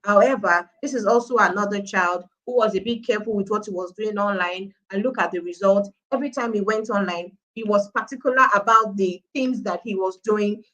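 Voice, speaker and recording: Middle-aged Nigerian-accented woman, emphatic guest speaker, bright forceful tone. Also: medium pitch, brisk, hardly any pauses, low-quality recording. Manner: emphatic, repeating points for stress. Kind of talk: live-stream talk show discussion.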